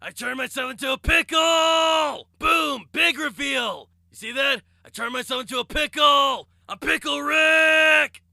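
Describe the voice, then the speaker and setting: A man imitating a manic male cartoon scientist who shouts with wild glee. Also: very high-pitched, measured pace, creaky, few pauses, no echo, clean studio sound, pitched above the performer's own voice, exaggerated voice.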